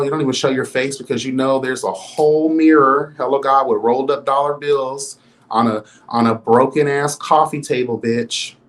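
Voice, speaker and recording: A man giving celebrity gossip commentary in a vlog. He talks in a sassy, campy, dramatic way and keeps throwing in exclamations. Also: medium pitch. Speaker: commentary vlogger.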